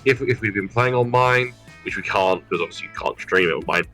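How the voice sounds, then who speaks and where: A man's voice: fairly low pitch, bright, forceful tone, soft background music. A man co-hosting a casual let's play, joking playfully with his friend. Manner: playful, joking, quick to laugh. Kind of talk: casual gaming commentary.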